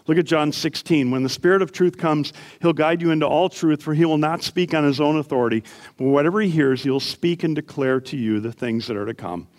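A middle-aged male pastor delivering a sermon in a fairly high voice. He is earnest, pushing up into emphatic peaks, then dropping low and soft to tell stories. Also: a little fast.

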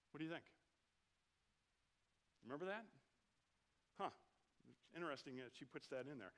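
A man's voice: on the high side, expressive, moderate pace, long pauses, a bit bright. Chatty male pastor preaching. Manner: conversational, jokey, asks the congregation questions. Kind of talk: sermon.

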